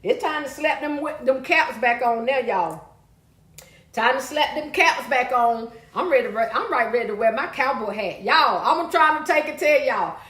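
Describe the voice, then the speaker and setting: A woman hosting a casual live stream, chatty and loud, calling out to viewers and reading their comments. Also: sits high, lively intonation, moderate pace, few pauses, reverberant.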